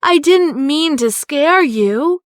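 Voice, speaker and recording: A woman voicing a cheerful young boy inventor in a children's story, talking in a bright, eager, pleading way. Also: high voice, lively intonation, slow, no echo, studio quality, voice pushed up. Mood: explaining.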